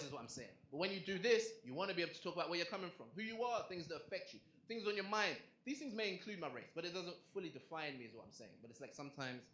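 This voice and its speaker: A young man doing a stand-up comedy set, chatty and animated, asking the crowd questions on a club stage. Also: fairly high pitch. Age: young adult. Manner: conversational, animated punchlines, asks the crowd questions. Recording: echoey club with crowd noise.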